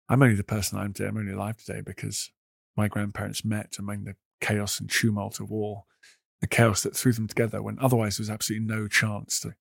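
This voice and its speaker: A man hosting a podcast, telling history in a measured, emphatic storytelling manner. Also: lowish voice, little pitch movement, vocal fry, slightly rough, dry recording, clean studio sound. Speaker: podcast host. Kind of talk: scripted history narration.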